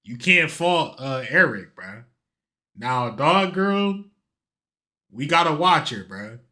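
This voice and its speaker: Bright-voiced joking male streamer. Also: on the high side, slow pace. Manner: slangy, animated, joking. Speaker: streamer reacting to a video. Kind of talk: casual reaction commentary.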